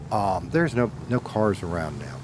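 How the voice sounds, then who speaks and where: A man's voice: fairly low pitch, big pitch swings, measured pace, background noise. A middle-aged man with a Southern US accent, chatting casually to his viewers while he plays, rambling, correcting himself, and cursing now and then. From Deep South of the United States. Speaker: streamer.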